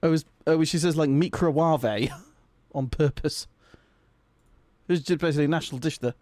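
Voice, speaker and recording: A man's voice: fairly high pitch, fairly even intonation, a little fast, darkish tone, no room sound. A young man, chatting casually with viewers on a live stream, giggly and rambling. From Britain. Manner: giggly, rambling, reacting to chat.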